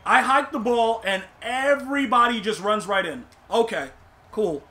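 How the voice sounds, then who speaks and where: A young man streaming a football video game, complaining to himself and his chat and shouting in disbelief at bad plays. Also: very high-pitched, measured pace. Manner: exasperated, talks to himself and chat. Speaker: gaming streamer. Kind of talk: live gameplay commentary.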